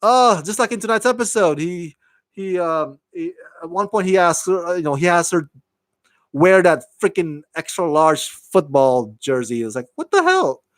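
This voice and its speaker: A man giving a casual, animated solo review of a TV episode, swearing freely and acting out the characters' lines. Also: high voice, no room sound. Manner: animated, swears freely, laughs, acts out quotes. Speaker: TV show reviewer.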